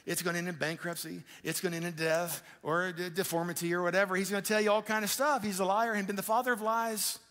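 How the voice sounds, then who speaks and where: A male pastor preaching a sermon in a conversational, animated way, with quick asides to the congregation. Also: sits high. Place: church auditorium. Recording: live church hall with long reverb.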